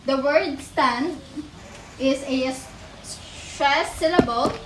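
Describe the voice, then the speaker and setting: A woman teacher walks a class through a poem, counting stanzas and syllables aloud in a slow, patient way. Her voice sits high, and she sounds set back from the mic in an echoey room with faint noise behind. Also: a bit bright, far from the mic. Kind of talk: teaching demonstration lesson.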